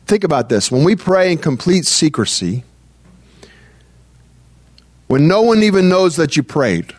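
A man's voice: a little high, sing-song, a little mellow, dry recording. Repetitive, conversational male preacher, dry sound. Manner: repeats phrases, stammers restarts, reads scripture slowly. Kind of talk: sermon.

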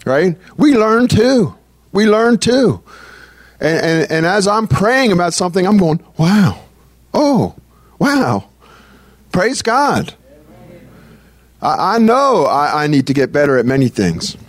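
A man preaching a sermon in a loose, conversational way, often repeating phrases and restarting sentences, and reading scripture slowly. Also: sits high, big pitch swings.

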